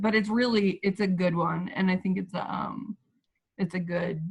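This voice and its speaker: A woman's voice: on the low side, steady tone, moderate pace, gravelly. A woman guest on a casual book chat, talking in a rambling, heartfelt way with many restarts. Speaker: podcast guest.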